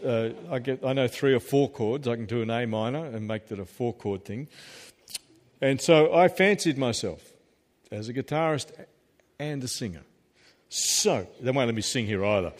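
A man preaching a sermon as pastor, emphatic and peppered with humorous asides. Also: mid-range voice. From Australia. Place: church hall. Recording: reverberant church hall.

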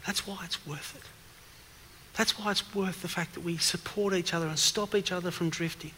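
Preacher with a bright, high voice. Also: male voice, steady tone, normal speed, big-room sound, a little hiss or hum. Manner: questioning, emphatic, rises in force. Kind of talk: evening sermon.

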